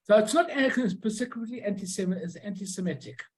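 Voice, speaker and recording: A presenter giving an informal illustrated talk on old stamps and postcards, pausing often, restarting phrases and correcting themselves. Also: medium pitch, animated, darkish tone, low-quality recording. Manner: halting, many restarts and self-corrections.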